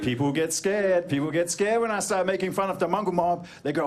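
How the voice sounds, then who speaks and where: A man's voice: high voice, brisk. A man with a New Zealand accent performing a stand-up comedy set, telling jokey stories and slipping into put-on voices. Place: comedy venue stage before a live audience. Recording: crowd laughter and background noise on a live recording. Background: audience laughter.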